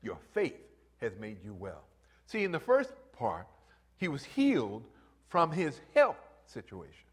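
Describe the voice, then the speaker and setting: A man preaching a sermon, acting out voices and building to loud, repeated calls to rise. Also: mid-range voice, a little slow, husky. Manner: animated preaching, acts out voices, rises to loud exhortation. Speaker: pastor.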